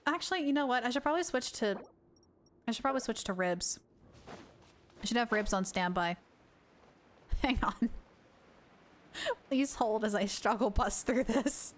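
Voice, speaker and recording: A woman's voice: fairly high pitch, expressive, normal speed, pauses often, slight background noise. A woman streaming a game live, chatting to viewers, exasperated and self-mocking, laughing often.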